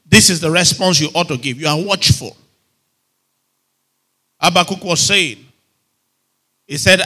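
A man's voice: high voice, a little fast, pauses often, pushed and bright. A man preaching a sermon, emphatic and repetitive, often checking whether his listeners are still with him. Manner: emphatic, repeats phrases, asks the audience if they are still there.

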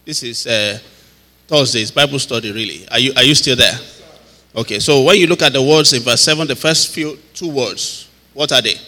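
A man's voice: mid-range voice, moderate pace, sharp tone, big-room sound. A man teaching a Bible study as a pastor, talking conversationally, laughing often and asking listeners if they follow.

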